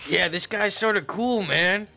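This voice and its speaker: Chill guy at a tabletop game, bright voice, faint music behind. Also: sits high, a little slow, vocal fry. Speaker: player. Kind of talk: in-character tabletop role-play.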